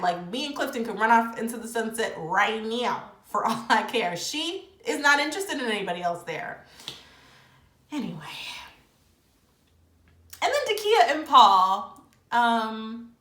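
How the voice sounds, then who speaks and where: Chatty woman recapping, bright echoey voice. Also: medium pitch. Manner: opinionated, animated, chatty with fillers. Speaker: reality TV reviewer. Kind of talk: casual episode recap. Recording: echoey room.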